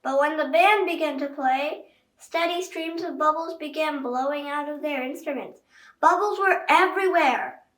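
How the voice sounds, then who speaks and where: A woman's voice: sits high, moderate pace, fairly bright tone. A woman reading a children's book aloud, chatting directly to young listeners. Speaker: children's story reader. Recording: echoey room, voice far from mic.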